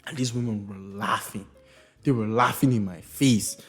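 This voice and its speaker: A young man in his early twenties telling a comedic story, animated, swearing freely and laughing through his lines. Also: lowish voice, moderate pace, faint music behind.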